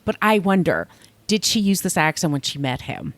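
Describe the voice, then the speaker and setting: Deep-voiced woman guest, chatty. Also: animated, normal speed, dry recording. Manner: chatty, reacting and musing aloud. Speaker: guest podcaster. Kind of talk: casual podcast chat.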